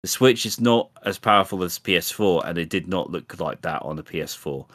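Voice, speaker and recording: Brief: young British male co-host, lowish pitch, dry close sound, animated casual chatter. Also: a little fast, dry recording. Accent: British English. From Britain. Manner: animated, mocking impressions. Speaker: podcast co-host. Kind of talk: casual chat.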